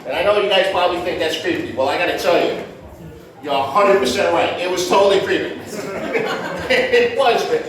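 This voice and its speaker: A middle-aged man works a club stage with a stand-up set, his voice sitting high for a man. He tells brash, self-mocking stories loaded with slang. The sound is boomy and roomy, caught from a distance. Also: fairly quick, a crowd in the background. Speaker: stand-up comedian. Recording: roomy echo from far off.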